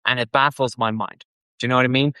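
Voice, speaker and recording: Guy rambling thru a show discussion, even voice, dry mic, no room. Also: mid-range voice, fast talker, smooth, no room sound. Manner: rambling, quotes characters in mock voices. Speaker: podcast host. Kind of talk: casual discussion.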